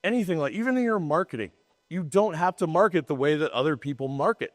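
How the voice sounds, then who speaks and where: A man's voice: a little high, lively intonation, quick pace, in a large hall. A man co-hosting a podcast in casual chat, talking in a rambling, emphatic way and often restarting his sentences. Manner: rambling, self-interrupting, emphatic. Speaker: podcast co-host.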